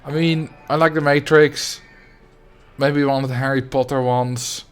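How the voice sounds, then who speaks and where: A man's voice: mid-range voice, steady tone, measured pace, smooth. A young adult man streaming a game, chatting casually and rambling as he answers his viewers. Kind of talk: casual livestream chat while playing.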